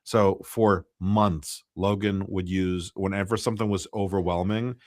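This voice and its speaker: A man with a very low, deep voice, recorded dry and close with no room sound. He chats easily as a podcast co-host, pausing on fillers and stretching out his phrases. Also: fairly even intonation, no room sound. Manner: easygoing, with hesitant fillers and drawn-out phrases. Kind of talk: casual chat.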